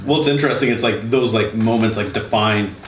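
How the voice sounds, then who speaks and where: A man's voice: on the low side, a little fast. Reflective male podcast host. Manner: reflective, explains ideas step by step. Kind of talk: casual conversation. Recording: roomy, distant mic with faint background noise.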